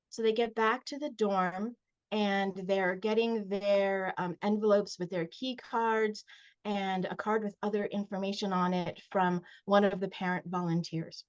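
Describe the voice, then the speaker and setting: A woman author reading aloud from her middle-grade novel at a virtual launch event, expressive in the first person, with short casual recaps. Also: medium pitch. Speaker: children's book author. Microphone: video call. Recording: dull lo-fi video call audio.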